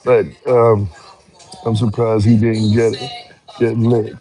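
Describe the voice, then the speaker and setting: Profane former trucker telling a story. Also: male voice, lowish voice, takes it slowly. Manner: profane, animated storytelling with heated outbursts. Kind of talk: casual storytelling on a live stream.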